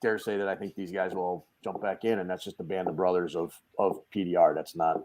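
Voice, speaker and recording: A man, a guest on a video call podcast, telling stories in a loud, casual way and acting out the quotes. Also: sits low, fairly quick. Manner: animated storyteller, acts out quotes, swears casually. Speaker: guest, dent repair tech. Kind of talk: casual storytelling chat.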